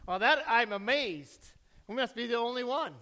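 A man's voice: very high voice, normal speed, sharp tone. A male pastor giving a sermon, reading scripture, praying and asking the congregation questions in a conversational way. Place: church.

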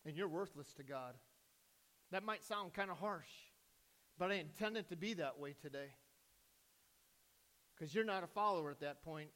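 Male pastor, higher-pitched voice, sermon delivery with quiet drops and loud surges. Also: normal speed, pauses often. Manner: preaching with sudden loud rises and hushed drops.

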